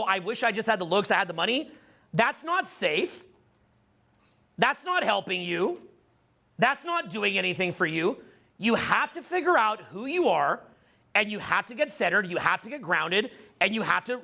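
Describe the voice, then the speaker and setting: Middle-aged man addressing a live audience, emphatic and repetitive, with a high, bright voice. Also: vocal fry. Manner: emphatic, repeats phrases, many fillers. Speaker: dating coach speaking to a live audience. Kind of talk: animated seminar talk.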